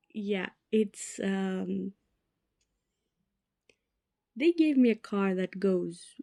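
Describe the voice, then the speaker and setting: Slow, mellow-voiced young woman podcasting. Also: mid-range voice, gravelly, no room sound, studio quality. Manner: chatty and self-mocking, drops to whispered asides. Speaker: podcast host. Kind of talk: casual solo podcast chat.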